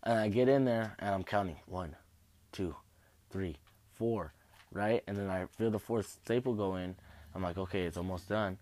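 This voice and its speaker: A young man, the host, tells rambling, casual stories about his injuries, laughing and swearing offhandedly as he goes. His voice is low-pitched and a little mellow, at a moderate pace.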